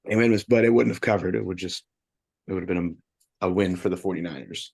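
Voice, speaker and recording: A man co-hosting a sports betting podcast, casually running through wins and losses in quick upbeat bursts. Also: deep voice, vocal fry, a little mellow, slightly rough. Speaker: podcast co-host reading betting results.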